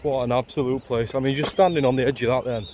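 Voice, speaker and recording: An excitable man with a Yorkshire accent talks straight into a handheld camera, gushing and repeating himself in a loose travel vlog. His voice sits at an ordinary middle pitch. Faint outdoor noise runs underneath. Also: fast. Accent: Yorkshire English. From Leeds, England. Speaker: travel vlogger.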